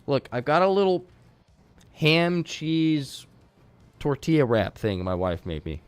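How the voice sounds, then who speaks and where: A man's voice: on the high side, sing-song, takes it slowly, clean tone, no echo, soft background music. A man hosting a game tournament on a live stream. He talks casually to his chat, rambling with fillers and restarts.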